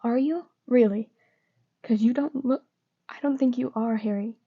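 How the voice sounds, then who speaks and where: A woman reading the lines of a teenage boy wizard, a softening former rival, speaking softly and sometimes near a whisper. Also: on the high side, moderate pace, pitched above the performer's own voice. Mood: gentle. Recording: dull lo-fi recording.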